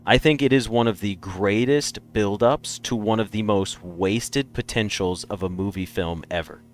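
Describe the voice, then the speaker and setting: A man's voice: lowish voice, moderate pace, soft background music. A man streaming a game, chatting casually and rambling through opinionated takes. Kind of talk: casual live-stream chat.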